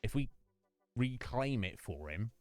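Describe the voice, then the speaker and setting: A man's voice: mid-range voice, animated, a little slow, dry recording, soft background music. A man chatting casually with his stream viewers, rambling between topics and greeting them by name. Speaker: game streamer.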